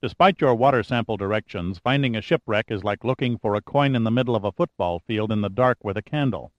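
A man's voice: on the low side, quick pace, no echo, lo-fi sound, lightly acted. A man voicing an arrogant, charming male adventurer who talks in a dry, clipped, sardonic way in an audiobook.

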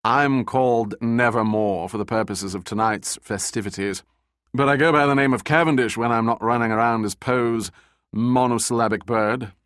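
A man voicing a drunken, genial upper-class English older gentleman with slurred speech and a British accent. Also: mid-range voice, moderate pace, clean tone, no echo, studio quality, lightly acted. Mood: jovial. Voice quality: slurred, belching.

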